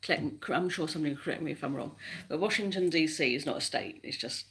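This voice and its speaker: A woman's voice: low-pitched, fast talker, a bit bright. A woman co-hosting a casual livestream chat, explaining things at length in a chatty way and laughing often. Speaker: livestream co-host.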